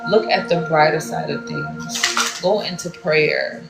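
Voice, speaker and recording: A woman with a New York accent gives a laid-back spiritual card reading in loose, slangy talk, swearing as she goes. Her voice sits low and gravelly. She is heard in an echoey room with loud music playing behind her. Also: very animated, slow. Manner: loose and slangy, swears freely, calls viewers "baby". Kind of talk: casual spiritual reading to camera.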